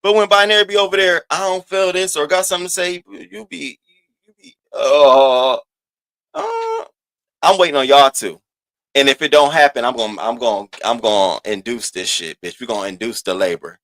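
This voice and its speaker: A man hosting a casual gossip commentary, animated and profane, swinging between loud outbursts and low asides. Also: dry recording. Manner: sassy, drawn-out emphasis. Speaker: host of a commentary channel.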